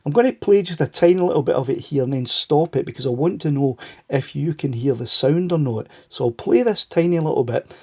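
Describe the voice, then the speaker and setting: A man's voice: fairly high pitch, animated, brisk, mellow, slightly rough. Scottish man with a stuffy cold. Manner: chatty, greets viewers by name, laughs often. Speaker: livestream host. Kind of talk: casual live chat.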